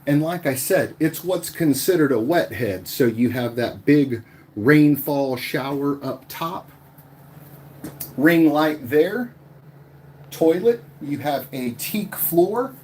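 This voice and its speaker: A man's voice: fairly high pitch, lively intonation, slow, a little mellow, slight background noise. A man hosting his own live stream, chatting casually and greeting viewers by name from inside a tiny micro house. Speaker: YouTube channel host. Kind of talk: live-stream vlog tour and Q&A.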